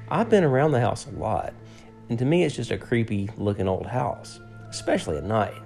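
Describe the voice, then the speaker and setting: A man's voice: mid-range voice, expressive, fairly quick, gravelly, a little mellow, faint music behind. A man co-hosting a podcast, telling a story and joking with his co-host in an easygoing way. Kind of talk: casual podcast narration and banter.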